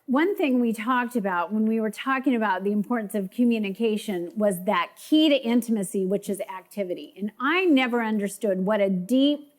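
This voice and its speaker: Woman telling a lively story. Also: fairly high pitch, brisk, hardly any pauses. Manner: lively, acts out quoted voices. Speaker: co-host of a marriage course. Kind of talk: storytelling to an audience.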